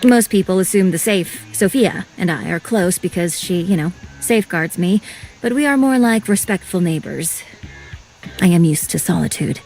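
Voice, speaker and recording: A reclusive, formal female object in a game; stiff and measured delivery, faint music under. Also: on the low side, expressive, darkish tone. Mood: aloof. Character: reserved, formal female household object who prizes solitude. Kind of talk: video game voice acting.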